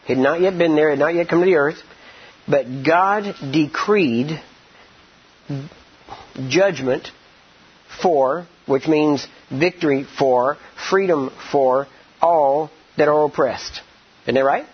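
A man preaching a sermon, rambling with many "I mean" and "you know", acting out quoted speech and slowing down to stress scripture. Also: fairly high pitch, husky. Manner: slows down and stresses words when teaching scripture. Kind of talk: sermon with storytelling. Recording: dull lo-fi recording.

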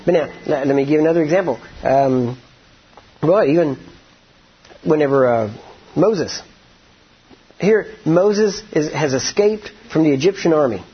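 Husky preacher man. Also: a little high, animated, unhurried, long pauses, muffled recording. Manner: conversational, asks the congregation for agreement. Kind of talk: sermon.

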